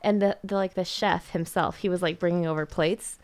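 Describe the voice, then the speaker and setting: Giggly woman telling a story, low-ish voice. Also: fairly even intonation, a little fast. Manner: giggly, laughs through her storytelling. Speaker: co-host, married to the other host. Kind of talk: casual chat.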